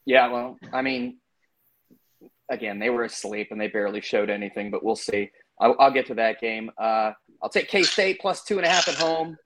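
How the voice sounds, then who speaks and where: A man's voice: medium pitch, moderate pace, a bit bright, a little hiss or hum. A man co-hosting a podcast, giving his betting picks in loose, chatty talk full of fillers and asides. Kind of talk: casual sports-betting chat.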